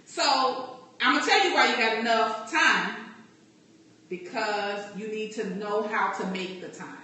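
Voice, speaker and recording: A woman's voice: mid-range voice, measured pace, bright, forceful tone. A woman life coach giving a direct, encouraging motivational talk to a group. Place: meeting room. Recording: echoey room, distant from mic.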